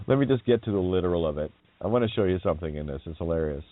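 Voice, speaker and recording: A man's voice: deep voice, lively intonation, quick pace, no room sound. A male radio host in a casual rambling monologue, chuckling often and swearing as he riffs on wordplay. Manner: laughs often, profane, wordplay-heavy. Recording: dry tinny phone-like line.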